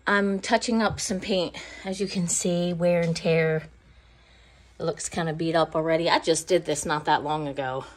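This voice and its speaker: Speaking at a normal speed in a low, steady voice, a home vlogger gives a casual, roaming tour of the decor inside her house. She sounds slightly breathless and apologetic while filming on a handheld phone.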